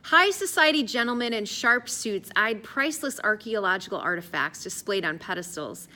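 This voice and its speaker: A woman narrating an audiobook in an expressive, lively storytelling voice. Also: medium pitch, normal speed. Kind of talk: scripted narration.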